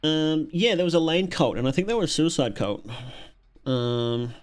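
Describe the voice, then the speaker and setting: A man's voice: on the high side, animated, moderate pace, smooth. An Australian man hosting a casual livestream, reacting to videos and chatting with viewers, often chuckling and repeating words as he thinks.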